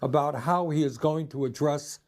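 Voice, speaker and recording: A man's voice: fairly high pitch, moderate pace, darkish tone. An older man, a senator, speaking earnestly and in a complaining tone in a clip from a political speech.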